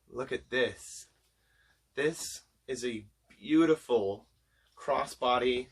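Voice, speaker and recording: A man chatting to camera as he shows off a shopping haul, enthusiastic and gushing, his voice getting hoarse. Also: medium pitch, slow. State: voice going hoarse. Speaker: vlogger showing a shopping haul. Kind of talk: casual chat to camera.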